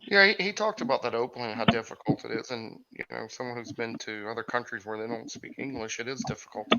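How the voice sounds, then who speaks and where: A man's voice: medium pitch, fast talker, sharp tone, lo-fi sound. A man in casual chat, hesitant and full of restarts. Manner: hesitant, lots of restarts and ums.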